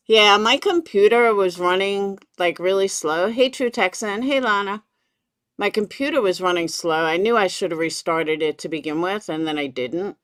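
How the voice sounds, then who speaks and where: A chatty woman hosts a live stream, greeting viewers by name as she talks. Her pitch bounces around a lot, and her voice sounds dry and close, with no room echo. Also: a bit bright. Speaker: livestream commentary host.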